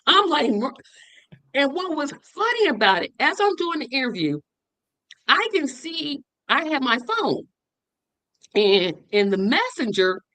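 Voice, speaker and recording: Animated woman host with a lively voice. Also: no room sound. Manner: animated storytelling, voice jumps high when quoting. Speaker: podcast host. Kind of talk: memorial livestream conversation. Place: online stream.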